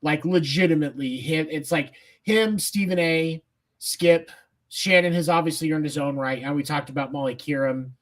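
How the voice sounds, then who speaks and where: A man co-hosting a sports podcast, giving measured opinions with casual fillers. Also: fairly high pitch. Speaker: podcast co-host.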